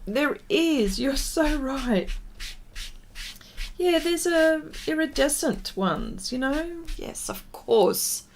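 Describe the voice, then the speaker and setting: A woman's voice: high voice, animated, drawn-out words, creaky, slight background noise. A woman artist chatting casually with viewers during a livestream pastel demonstration, greeting them and laughing often.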